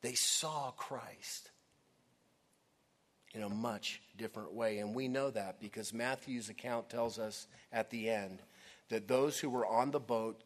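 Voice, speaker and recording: A male pastor preaching a sermon, emphatic, with dramatic pauses, sometimes dropping to a hush. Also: on the low side.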